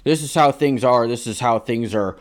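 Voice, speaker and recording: A man's voice: medium pitch, moderate pace, close to an everyday voice. A man mimicking a complacent older man in power who dismissively insists everything is fine.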